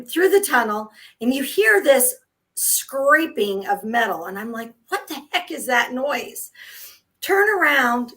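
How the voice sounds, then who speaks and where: Woman co-host in her fifties, fairly high voice, lively storyteller in casual chat, laughs a lot. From United States. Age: 50s. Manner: animated storyteller, laughs often.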